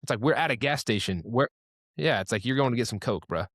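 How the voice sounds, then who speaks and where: A young man hosting a casual chat, talking quickly with lots of fillers and ranting. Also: medium pitch, lively intonation, a bit bright, no room sound, studio quality. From Indiana, USA.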